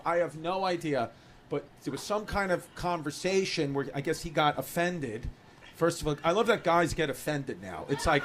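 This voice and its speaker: A man from New doing a stand-up comedy set, ranting in an animated, exasperated way on a club stage into a handheld mic. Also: high voice. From New York City. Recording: live club recording with room noise.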